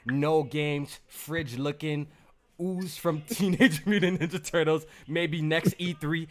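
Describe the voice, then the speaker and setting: A man's voice: a little high, fairly even intonation, takes it slowly. A man hosting a casual gaming podcast, reading out viewer comments in a laid-back way. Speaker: podcast host. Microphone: low mic level.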